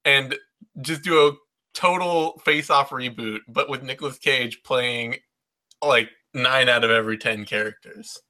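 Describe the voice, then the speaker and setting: A man's voice: medium pitch, measured pace, bright, forceful tone. A man co-hosting a podcast in casual chat, joking and often stammering over his words. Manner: jokey, stammers and restarts. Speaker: podcast co-host.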